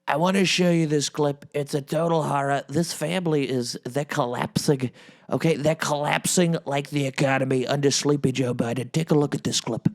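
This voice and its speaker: A man's voice: on the high side, fairly even intonation, moderate pace, lightly acted. A man doing a comedic impression of a boastful former president hosting a podcast, rambling and repeating himself. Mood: blustering.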